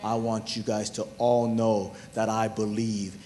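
A man preaching a sermon as pastor, animated and talking straight to his listeners, even humming tunes to make a point. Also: on the low side, unhurried. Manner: animated preaching, talks to the crowd.

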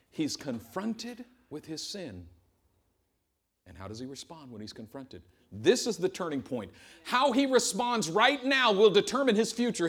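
Husky, animated male preacher. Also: high-pitched. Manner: animated storytelling with humor. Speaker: pastor. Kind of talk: sermon. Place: church service before a congregation.

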